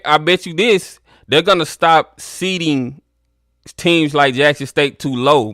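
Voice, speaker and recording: A man's voice: on the high side, clean tone, no room sound, clean studio sound. A man hosting a live sports stream, chatting casually with viewers and callers. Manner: relaxed, talks to viewers as y'all.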